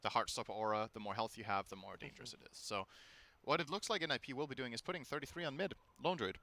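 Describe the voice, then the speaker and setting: A man's voice: medium pitch, fast talker, pushed and bright. A man casting an esports match, methodically thinking aloud as he breaks down the draft picks. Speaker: esports caster. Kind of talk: analytical game commentary.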